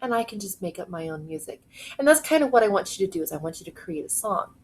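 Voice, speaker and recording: Woman music teacher, home video lesson, patient and clear with young kids, medium voice, faint hiss behind. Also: medium pitch, animated, poor audio. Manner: slow, clear, encouraging instructions to young kids. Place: home kitchen.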